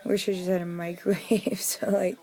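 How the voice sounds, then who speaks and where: A young woman vlogging casually, venting in an irritable, profane way with lots of fillers, sounding low and weary. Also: flat delivery, moderate pace, warm tone. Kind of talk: casual personal vlog.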